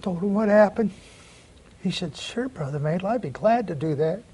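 Middle-aged guy preaching, kinda husky, higher voice, earnest storytelling, goes soft then loud. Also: expressive, moderate pace. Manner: earnest storytelling, repeats words, swings between soft and loud. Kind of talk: sermon with personal testimony.

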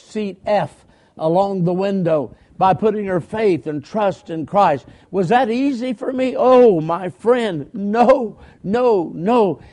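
An older man delivers a storytelling sermon, sharing folksy stories conversationally and calling out for amens. His voice is high with a darkish tone.

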